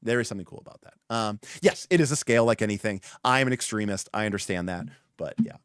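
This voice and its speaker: Animated, rambling male livestream host. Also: lowish voice, fast, smooth, no echo, studio quality. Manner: animated and rambling, with restarts and fillers. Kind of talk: casual livestream chat.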